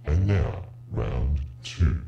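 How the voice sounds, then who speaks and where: A man voicing a huge hideous monster in a joke, with a very low, gravelly growl. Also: drawn-out words, mellow, reverberant, lo-fi sound, slight background noise, full character voice. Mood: menacing. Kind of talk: joke told with put-on voices.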